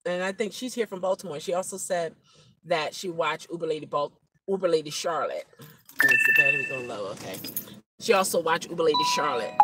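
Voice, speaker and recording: A woman's voice: fairly low pitch, wildly swooping pitch, normal speed, pauses often, sharp tone, slight background noise, rough recording. A woman vlogging from her car as a rideshare driver, musing reflectively and laughing often. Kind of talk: casual vlog monologue. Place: inside a car.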